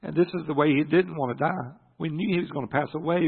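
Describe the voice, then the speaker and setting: A middle-aged man telling a personal story from the pulpit, halting and earnest with many restarts. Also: on the high side, creaky, breathy edge. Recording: echoey hall through a phone-like line.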